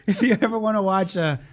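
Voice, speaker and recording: Hesitant, slightly high-voiced male co-host. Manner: hesitant, restarts often, friendly. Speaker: podcast co-host. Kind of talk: casual chat.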